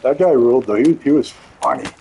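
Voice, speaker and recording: A man's voice: mid-range voice, expressive, fast, mellow, a little hiss or hum, poor audio. Profane rambling male streamer. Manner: profane, rambling, laughing storyteller. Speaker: game streamer. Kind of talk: casual storytelling while gaming.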